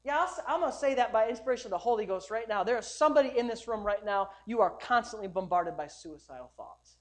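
High-voiced man preaching emphatically. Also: animated, fast. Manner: emphatic and repetitive, building to loud declarations. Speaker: pastor. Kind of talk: sermon. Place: church service.

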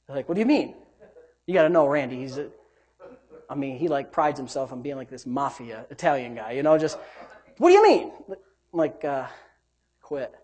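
A man preaching a sermon that weaves in his own life story, his voice sitting at an ordinary middle pitch. He rises into loud, emphatic lines, then drops into low, muttered asides. He voices the people in his story as he goes. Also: brisk. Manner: acts out quoted speech. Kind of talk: sermon with personal testimony.

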